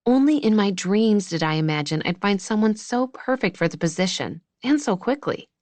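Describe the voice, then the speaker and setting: A woman reading a wry, deadpan woman doctor. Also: mid-range voice, moderate pace, no room sound, voice pushed up, close to an everyday voice. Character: young woman doctor, warm, wry, worried.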